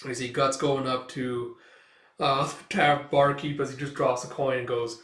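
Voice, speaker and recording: A young man talks through a comic in a loose, rambling way, full of fillers. His pitch is middling. He sits back from the mic in a roomy space. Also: little pitch movement, normal speed, a bit bright, distant mic. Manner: rambling, filler-heavy, chatty. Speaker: comic read-through host. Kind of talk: casual read-through commentary.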